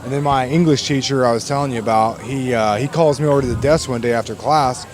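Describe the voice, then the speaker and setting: A man's voice: medium pitch, fast talker. A man as a podcast guest, telling stories in a casual, profane, rambling way with lots of fillers. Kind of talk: casual storytelling.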